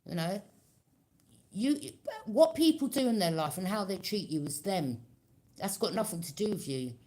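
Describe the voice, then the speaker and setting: A woman of middle pitch reads tarot cards for her viewers in a loose, talkative way. She keeps checking in with her listeners and slips into quoted reactions without changing her voice. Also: lively intonation, normal speed, a little mellow. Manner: conversational, keeps checking in with "okay?". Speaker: tarot reader.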